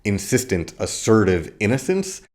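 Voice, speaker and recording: A man giving a scripted video lecture on poetry, measured and explanatory, reading verse lines slowly. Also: fairly low pitch, very animated, a little mellow. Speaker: literature lecturer.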